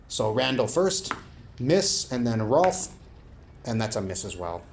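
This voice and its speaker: Solo tabletop narrator, man, gravelly voice, calls dice rolls aloud, faint hiss behind. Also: mid-range voice, big pitch swings, unhurried. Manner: rolls dice aloud, bursts into shouted play-by-play. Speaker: solo game player and narrator.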